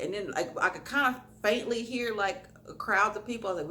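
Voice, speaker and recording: A woman's voice: fairly low pitch, a little fast, few pauses, slight background noise. A young woman vlogger telling a story to her viewers in a casual way, acting out what people said. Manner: animated storytelling, acting out quoted lines.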